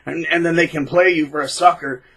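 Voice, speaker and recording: Husky, bright-voiced man ranting. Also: fairly even intonation, fairly quick, poor audio. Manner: blunt, mocking, acts out quotes in shrill voices. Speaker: channel host. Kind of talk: casual monologue.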